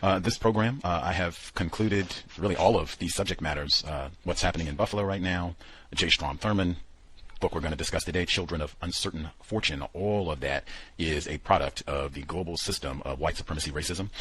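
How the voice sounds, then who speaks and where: A man's voice: sits low, brisk, a bit bright, slightly rough, no room sound, poor audio. A man hosting a radio talk program, telling stories animatedly with lots of quoted asides and fillers. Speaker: radio show host.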